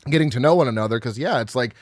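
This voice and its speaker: A man's voice: mid-range voice, racing, dry recording. A man hosting a horror podcast, asking a guest questions in an easygoing, encouraging way. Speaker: podcast host. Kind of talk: casual interview chat.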